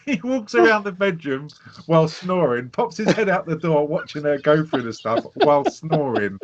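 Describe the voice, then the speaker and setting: A man co-hosting a podcast, chatting casually about a film, animated and laughing, swearing freely. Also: fairly high pitch, moderate pace. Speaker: podcast co-host. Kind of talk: casual film review chat. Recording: dull lo-fi sound.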